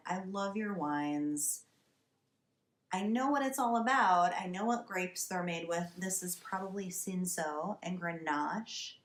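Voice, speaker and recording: A woman in her thirties hosting a wine show, talking to camera in a wry, emphatic, exasperated way from a basement wine cellar. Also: on the low side. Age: 30s. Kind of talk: casual comic monologue to camera. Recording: roomy echo.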